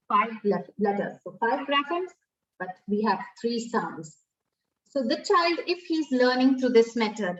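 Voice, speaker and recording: A fairly high-voiced woman with an Indian English accent speaks from a little way off the microphone, and her audio is dull. She teaches step by step in a webinar and often restarts with "uh" and "um.". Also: lively intonation, moderate pace, distant mic. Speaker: pre-primary educator giving a webinar. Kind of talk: webinar talk.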